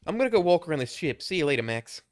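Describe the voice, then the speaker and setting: A courteous young traveler with a put-on British accent, stiffly formal and raised in pitch, as a man puts him on. The recording is dry, with no room sound. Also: big pitch swings, racing, no room sound.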